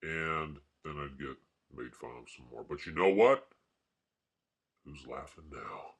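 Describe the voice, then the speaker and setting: Low-voiced man rambling in a slow, wry drawl. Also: expressive, creaky, breathy edge. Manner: rambling, wry, mock-grumpy. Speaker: art vlogger. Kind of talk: rambling casual chat.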